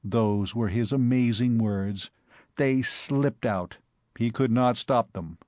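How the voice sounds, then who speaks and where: A man narrating a comic novel as an audiobook, expressive and wry. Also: medium pitch, takes it slowly, no echo, clean studio sound. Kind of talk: scripted narration of comic fiction.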